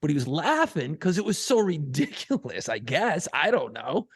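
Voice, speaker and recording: Gravelly, profane podcast co-host man. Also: on the high side, moderate pace, no room sound, clean studio sound. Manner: profane, animated storytelling. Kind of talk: casual chat.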